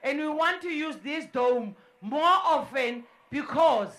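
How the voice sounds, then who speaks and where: A woman working as MC at a sports event, hyping the crowd in a loud, repetitive way and often shouting. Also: high voice, lively intonation, slow pace. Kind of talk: live crowd hype and welcome speeches. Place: indoor sports dome.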